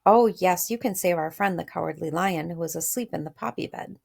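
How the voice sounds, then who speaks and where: A woman voicing an eager, friendly scarecrow stuffed with straw, speaking quickly, reading a storybook aloud. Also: on the low side, gravelly, darkish tone, breathy edge, heavily acted.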